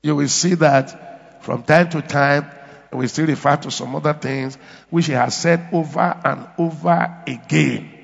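Gravelly Nigerian pastor preaching. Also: male voice, a little high, fairly even intonation, unhurried, big-room sound, muffled recording. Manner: emphatic, repetitive, call-and-response preaching. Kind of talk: sermon. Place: church.

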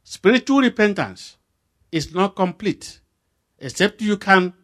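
A Nigerian-accented man delivers a sermon with a fairly high-pitched voice. He talks animatedly, dropping low and quiet and then surging into loud, emphatic bursts, and he acts out conversations as he preaches. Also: expressive, a little slow. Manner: acts out back-and-forth dialogues while preaching.

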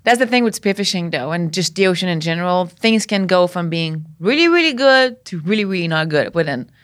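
A woman from Canada, a podcast guest, telling a story in a lively way, laughing often and acting out what people said. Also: fairly low pitch, brisk. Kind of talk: casual storytelling.

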